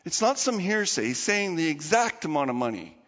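A man, a pastor, preaching a sermon with animated storytelling and acted-out voices. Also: a little high, normal speed, big-room sound, muffled recording. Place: church.

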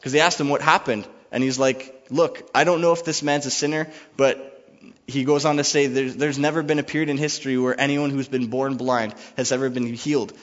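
A man's voice: mid-range voice, fairly even intonation, a little fast. A man preaching a sermon, reading scripture and retelling it in a loose, conversational way. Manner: conversational, paraphrases dialogue casually. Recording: dull lo-fi sound with long reverb.

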